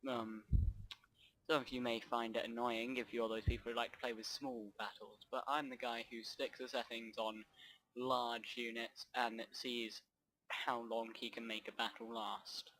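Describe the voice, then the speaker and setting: A man talks his way through a strategy game in a loose, rambling let's play. He keeps drifting off track, breaking off mid-sentence and circling back to his point, at a middling pitch for a man. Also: little pitch movement, moderate pace, pushed and bright, a little hiss or hum, rough recording. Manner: rambling, off-track, self-interrupting. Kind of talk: rambling gameplay commentary.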